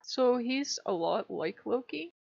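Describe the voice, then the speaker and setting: A woman's voice: fairly high pitch, expressive, slow, gravelly, darkish tone, slightly rough, no echo, highs cut off. A woman talking in a casual, wry, chatty vlog monologue about her spiritual life, laughing often. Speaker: spiritual vlogger.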